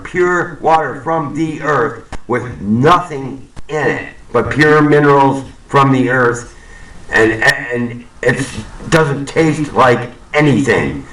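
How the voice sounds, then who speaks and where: A man's voice: fairly high pitch, sharp tone, roomy sound, distant mic, low-quality recording. A man ranting angrily to camera, swearing and repeating himself, in a profane monologue. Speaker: vlogger. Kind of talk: profane conspiracy rant to camera.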